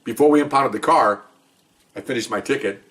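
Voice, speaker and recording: Male police officer telling stories, brisk and rambling, a bit far from the mic. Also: medium pitch, fairly bright tone. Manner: rambling, conversational, acts out quoted dialogue. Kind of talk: casual spoken storytelling. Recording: voice distant from the mic.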